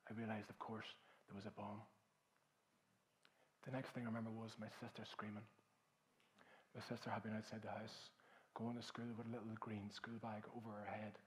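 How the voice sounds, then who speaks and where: A man from South Armagh with a Northern Irish accent, telling a personal story to a live audience. He drops quiet at moments, then builds to loud, rousing appeals. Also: fairly low pitch, low-quality recording. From South Armagh, Northern Ireland. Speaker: keynote speaker. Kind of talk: motivational storytelling talk.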